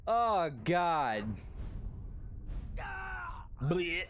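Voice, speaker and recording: A man's voice: mid-range voice, expressive, unhurried, long pauses. A man streaming a game live, chatting casually, laughing and swearing as he plays. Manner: laughs a lot, swears, banters with chat.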